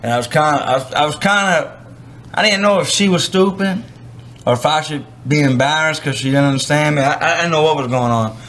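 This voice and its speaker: A man with a strong Cajun accent, a guest angler telling a funny story in an animated, wry way. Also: a little high, brisk, a little hiss or hum.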